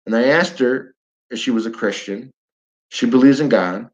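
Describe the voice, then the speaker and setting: A man's voice: medium pitch, normal speed, highs cut off, faint music behind. A man with a New York accent ranting bluntly on a livestream, repeating himself and talking straight to his viewers. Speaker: flat earth livestreamer. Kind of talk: fired-up livestream rant.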